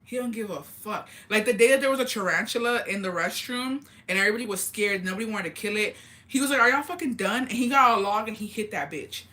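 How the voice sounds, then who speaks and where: Bright-voiced young woman telling stories. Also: mid-range voice, quick pace. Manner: animated, swears a lot, laughs while telling stories. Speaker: vlogger. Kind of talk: casual storytelling chat.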